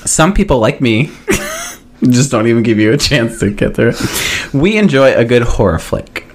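A man's voice: mid-range voice, very animated, moderate pace, a little hiss or hum. A man co-hosting a casual podcast, joking and laughing through the banter, on a close mic. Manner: joking, laughs often, many fillers. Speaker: podcast co-host.

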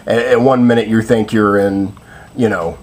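A man's voice: lowish voice, steady tone, moderate pace, darkish tone. A man giving a casual spoken film review, hesitant and full of fillers and restarts.

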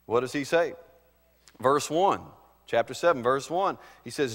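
A male pastor delivering a sermon, swinging between loud, emphatic preaching and quiet, conversational storytelling. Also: mid-range voice, measured pace, in a large hall.

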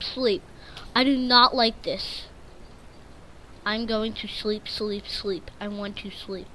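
A woman's voice: on the high side, a bit bright, slight background noise. Jittery woman narrating a spooky game. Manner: jittery, repeats words in nervous strings; breaks into sudden frightened shrieks. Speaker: gaming channel host. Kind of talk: live gameplay commentary.

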